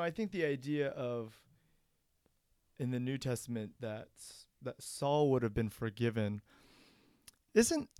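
A man earnestly discussing a sermon in a relaxed, reflective church podcast conversation. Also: mid-range voice, no room sound, clean studio sound.

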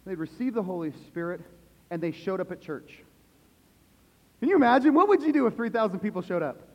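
Male pastor, high voice, preaching to a church, quizzes the crowd, soft then loud, long reverb. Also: lively intonation, brisk. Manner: asks the congregation questions, swings from hushed to loud emphasis. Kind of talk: sermon. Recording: echoey hall, dull lo-fi sound.

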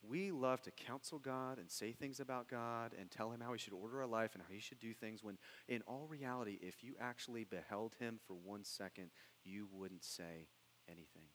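A man preaching a sermon, animated, dropping to hushed tones and then rising into loud, excited bursts. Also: medium pitch, fairly quick, hardly any pauses, big-room sound, slight background noise, low-quality recording. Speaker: pastor.

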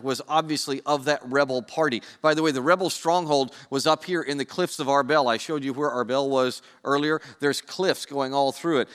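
A man's voice: a little high, fairly bright tone. Man preaching in a reverberant hall. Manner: conversational and playful, addressing the congregation directly. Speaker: pastor. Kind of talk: sermon.

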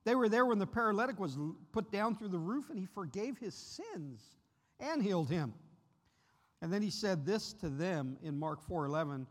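A man's voice: high-pitched, lively intonation, moderate pace. A male guest preacher giving an earnest sermon, his voice rising sharply when he voices the disciples' cries. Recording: long reverb of a large hall.

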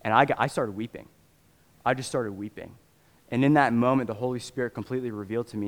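A man preaching a sermon as pastor, impassioned, sometimes acting out the voices of the people he describes and rising to shouts. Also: mid-range voice, quick pace. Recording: long hall reverb.

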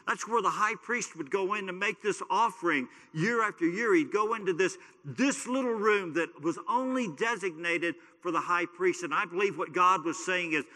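A pastor with a high, pushed, bright voice preaches at a moderate pace with hardly any pauses. His casual sermon teaching is conversational, full of stories and frequent fillers, and the recording carries a long hall reverb.

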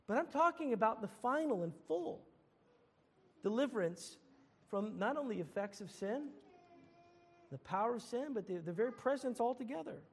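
A man's voice: very high voice, expressive, normal speed, pauses often, breathy edge, big-room sound. A man preaching a sermon as pastor, earnest, often repeating and restarting his phrases.

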